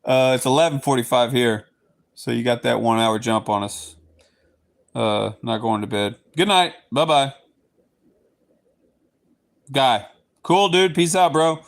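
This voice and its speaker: Unhurried and full of long pauses, a Southeast Texas livestream host talks casually with his viewers in a medium-pitched voice with vocal fry. He has a Texan accent and a playful streak, sometimes switching to goofy voices.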